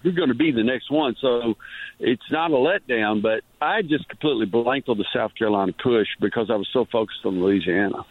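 A man's voice: medium pitch, fairly quick, no echo. Man talking over a tinny phone line. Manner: rambling, animated storytelling. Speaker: guest journalist. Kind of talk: casual radio chat.

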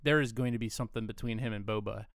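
A man's voice: lowish voice, very fast, dry recording, studio quality. A man co-hosting a casual chat, talking enthusiastically with lots of fillers. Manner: enthusiastic, rambling with many fillers. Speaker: podcast co-host.

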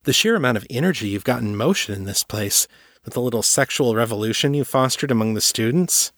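A man reading aloud and voicing a calm, firm young woman telepath who explains and reassures steadily. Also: medium pitch, brisk, dry recording, studio quality. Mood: explaining.

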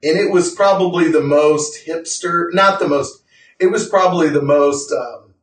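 Heard from a distance with roomy off-mic sound, this male co-host rambles through casual podcast talk, often laughing and correcting himself. His voice is a little high, at a moderate pace.

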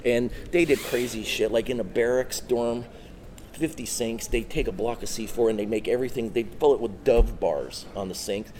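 A middle-aged man, a former deputy and dog handler, telling animated, profane stories as a guest in a casual interview. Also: medium pitch, moderate pace, slight background noise.

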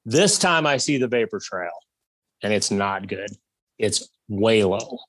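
A man telling a hunting story in a casual, animated way, acting out shots and bits of dialogue. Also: lowish voice, unhurried, dry recording.

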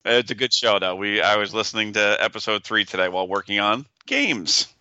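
A man's voice: lowish voice, lively intonation, brisk, lo-fi sound, very noisy. A man co-hosting a podcast, joking in mock-outraged banter. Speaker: podcast co-host. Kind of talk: casual chat.

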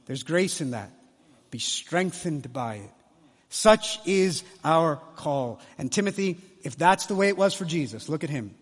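A man preaching a conference sermon, impassioned, swinging between hushed lines and loud ones. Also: a little high, expressive, unhurried. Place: large conference hall. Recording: long hall reverb.

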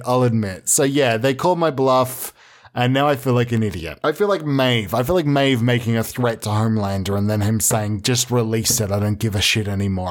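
A man doing a deadpan, rambling comedy monologue full of absurd made-up explanations. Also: medium pitch.

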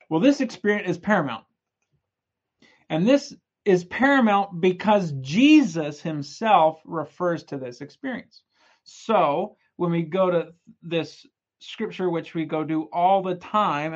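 A young man giving a casual, energetic scripture lesson, retelling stories in a chatty, playful way. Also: on the high side, highs cut off. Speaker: scripture study presenter.

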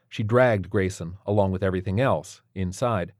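Male audiobook narrator, low and steady, dry studio sound. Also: normal speed, dry recording.

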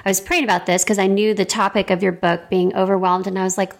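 Woman, podcast host, mid-range pitch, reflective, affirming. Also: little pitch movement, fast talker, creaky. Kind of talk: faith-based podcast conversation.

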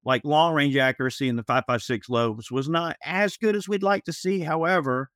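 A man co-hosting a panel show, talking in a measured way full of "uh" and "you know". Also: on the high side, a bit bright, no echo, studio quality. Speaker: podcast co-host. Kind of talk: casual panel chat.

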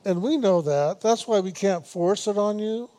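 A man giving a spiritual meditation talk, unhurried and repetitive, gently teasing his listeners and laughing now and then. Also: high-pitched. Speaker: spiritual teacher.

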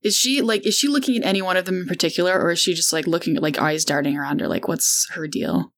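A woman's voice: fairly low pitch, expressive, quick pace, a bit bright. A woman player in a tabletop game, describing her character hesitantly with many fillers.

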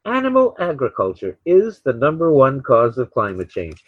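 An older man hosting his own radio show, talking in a rambling, opinionated way, often repeating words and filling pauses with uh and um. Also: mid-range voice, huge pitch swings, husky, no echo. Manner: opinionated, sarcastic. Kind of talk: casual solo talk radio monologue. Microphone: desk microphone beside a laptop. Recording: dull, slightly lo-fi dry recording.

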